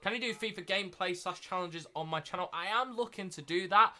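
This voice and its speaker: A young man hosting a live watchalong stream, chatting casually and repeating himself, getting loud and excited at big moments. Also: sits high, a little fast. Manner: excitable, repeats phrases, shouts when thrilled.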